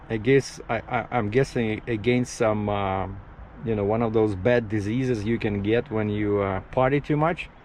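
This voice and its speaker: A male truck driver talks through his morning in a loose, rambling vlog, recorded outdoors at a truck parking spot. His voice sits at a middle pitch, and a faint hum of outdoor noise lies behind it. He restarts his sentences and drifts from one topic to the next. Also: darkish tone, rough recording. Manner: rambling, jumps between topics, frequent restarts. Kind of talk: casual vlog monologue.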